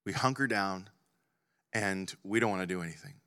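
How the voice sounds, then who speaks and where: A man preaching a sermon as a pastor, impassioned, rising to loud emphasis and dropping to hushed near-whispers. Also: low-pitched, normal speed, smooth. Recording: reverberant hall.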